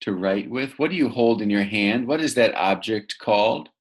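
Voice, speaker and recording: A man's voice: fairly low pitch, lively intonation, normal speed. A man teaching vocabulary to young learners, patiently repeating words and asking the listener to say them back. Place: room with a bed, indoors.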